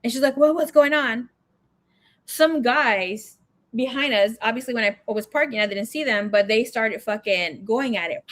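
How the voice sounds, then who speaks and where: A young woman with a somewhat high-pitched voice runs a tarot reading stream in a loose, casual way. She tells long stories in a frank, profane, chatty manner. She slips Spanish phrases into her talk. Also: moderate pace, fairly bright tone. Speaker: tarot reader livestream host. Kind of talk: casual storytelling chat.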